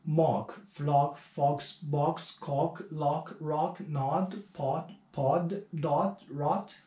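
A man with Chinese as his first language teaching English pronunciation, repeating words one at a time with drawn-out fillers. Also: a little high, fairly even intonation, mellow, reverberant. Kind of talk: slow pronunciation drill lesson.

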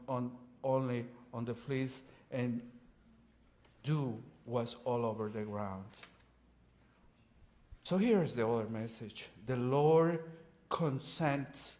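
A man preaching as a guest preacher, retelling scripture in casual modern phrasing and chuckling now and then. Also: mid-range voice. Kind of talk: sermon.

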